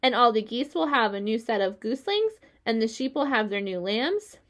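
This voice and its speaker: A woman's voice: a little high, expressive, normal speed, fairly bright tone. A woman voicing a young, innocent male pig in a storybook reading, eager and wide-eyed.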